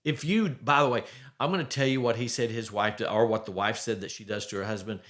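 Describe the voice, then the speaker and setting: A man's voice: fairly low pitch, quick pace, fairly bright tone. A man hosting a faith-based marriage podcast, talking emphatically and conversationally with the odd wry chuckle. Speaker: podcast host.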